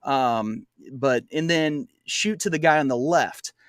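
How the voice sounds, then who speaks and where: A man's voice: medium pitch, slow, smooth, dry recording. Chatty man telling a trail story. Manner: rambling, laughs often, many fillers. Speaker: podcast co-host. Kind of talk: casual storytelling chat.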